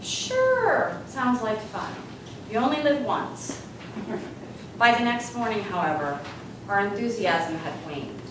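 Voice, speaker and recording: A woman giving a humorous storytelling speech as a guest speaker, with animated comic timing. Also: mid-range voice, a little slow, pauses often, background noise. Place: large hall with live audience. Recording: echoey hall from far off. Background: room ambience and audience laughter.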